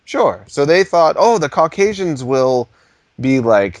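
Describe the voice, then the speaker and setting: A man co-hosting a podcast, chatting playfully in a slow, hammy way. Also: on the high side, big pitch swings, no echo. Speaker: podcast co-host. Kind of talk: casual chat.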